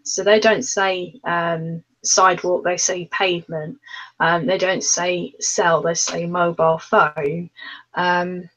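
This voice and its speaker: A woman's voice: fairly low pitch, level tone, takes it slowly, fairly bright tone, poor audio. A woman from near London with a Southern English accent, chatting casually and giggling self-consciously as a channel host. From England, near London. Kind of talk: casual chat.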